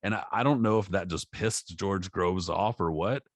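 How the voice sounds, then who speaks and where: Low-voiced male podcast co-host, dry close mic, swears freely while telling stories. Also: moderate pace, dry recording. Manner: profane, animated storytelling with acted quotes. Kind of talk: casual chat.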